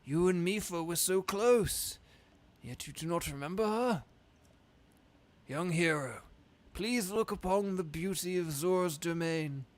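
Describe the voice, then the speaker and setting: Man putting on a pompous old fish king, high-pitched, slow and grand, video game voice. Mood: pleading. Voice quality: grand, drawn-out delivery with Trump-like rhythms. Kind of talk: voicing game dialogue aloud on a stream.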